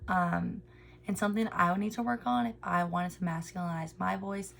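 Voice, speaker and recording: A woman's voice: lowish voice, expressive, moderate pace, vocal fry, a little hiss or hum. A young woman, informally explaining voice exercises as a student presenter, with filler ums and self-corrections.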